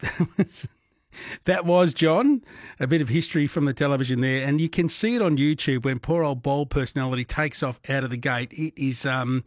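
A man's voice: mid-range voice, no room sound, clean studio sound. A man hosting a morning radio quiz in a chatty, conversational way. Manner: chatty, friendly and conversational, with fillers. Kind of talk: casual radio talk and quiz. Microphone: studio microphone.

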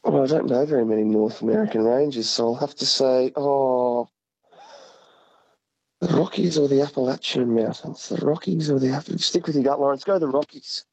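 A man's voice: mid-range voice, normal speed, vocal fry, a little mellow, husky, no room sound. A man calling into a radio quiz, thinking aloud as he works through his answers. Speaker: caller. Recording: muffled phone-in line.

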